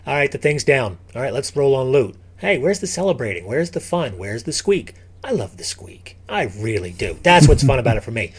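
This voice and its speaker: A man with a husky, slightly rough voice talks as a podcast guest. His pitch rises and falls in lively swings as he talks in an emphatic, animated way, often restarting sentences. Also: fairly quick, few pauses. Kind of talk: casual podcast chat.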